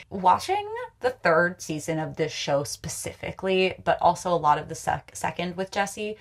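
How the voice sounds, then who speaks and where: Young woman, lowish voice, heated fan recap with cussing and asides. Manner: exasperated, ranting, swearing, quick asides. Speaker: video essayist. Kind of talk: casual commentary recap.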